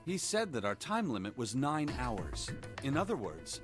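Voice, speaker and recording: A man voicing a calm, formal young prince who explains things in a measured way. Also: mid-range voice, music in the background.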